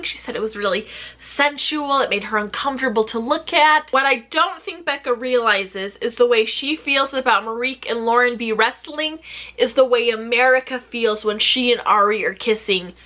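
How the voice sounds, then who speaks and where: A woman vlogger giving a chatty, sarcastic recap of a TV show with rapid-fire questions. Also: on the high side, pushed and bright. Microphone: camera mic.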